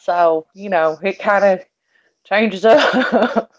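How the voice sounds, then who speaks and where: A woman's voice: medium pitch, very slow, highs cut off. Sassy Texan woman telling stories. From Texas. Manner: sassy storyteller, sweetly cutting. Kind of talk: casual chat.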